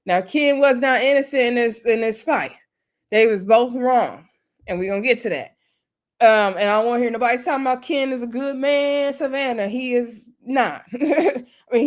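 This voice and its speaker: A woman with a slightly high voice talks through a reality show episode in a loose, conversational way. She is opinionated and retells the arguments by quoting each person. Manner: chatty, opinionated, retells scenes in quotes. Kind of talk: casual recap commentary.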